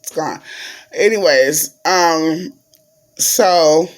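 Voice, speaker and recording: A woman's voice: low voice, extremely slow. A young woman vlogger, chatting to viewers, full of fillers and y'all. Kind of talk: casual storytelling to viewers.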